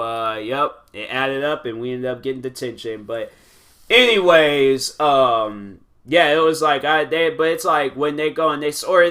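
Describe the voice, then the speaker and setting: A young man hosting his own show, rambling through stories in a casual, animated way with many restarts. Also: fairly high pitch. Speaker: podcast host. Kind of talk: casual chat answering questions.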